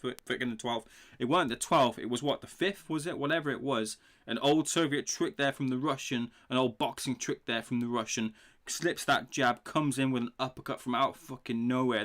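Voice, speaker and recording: A young man hosting a live boxing reaction stream, excitable and swearing freely while he talks to his chat. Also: medium pitch. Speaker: livestream boxing reaction host.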